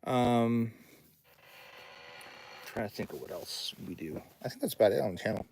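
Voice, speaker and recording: A man's voice: mid-range voice, animated, moderate pace, a little mellow, slight background noise. A man who runs a recording studio, chatting casually on a livestream, rambling and reading viewer comments aloud in his home studio.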